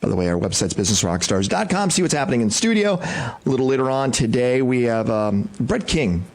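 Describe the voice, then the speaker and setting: A male talk radio host speaking in a loose, chatty way. He drifts from point to point and thinks out loud, with plenty of ums and uhs along the way. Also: mid-range voice, animated, a little fast. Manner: rambling, chatty, thinking aloud with fillers. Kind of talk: casual talk radio hosting.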